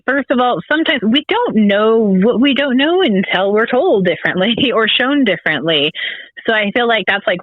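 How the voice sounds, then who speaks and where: A woman's voice: mid-range voice, no room sound. A young woman in a casual podcast chat, talking at length with frequent laughs and acting out polite questions. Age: young adult. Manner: chatty, laughs often, acts out polite questions. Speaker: podcast guest. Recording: tinny phone-like sound.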